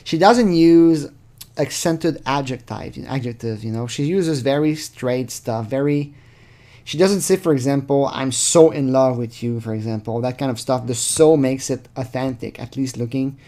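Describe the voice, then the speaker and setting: A man's voice: mid-range voice, normal speed, mellow. A man hosting his channel, giving rambling, sarcastic casual commentary full of fillers. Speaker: channel host. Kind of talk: casual commentary reading chat logs.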